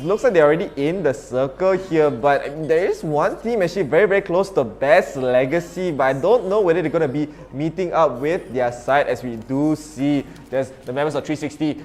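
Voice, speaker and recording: A man casting an esports match live, giving steady, analytical play-by-play. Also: fairly high pitch. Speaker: esports caster. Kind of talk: live game commentary.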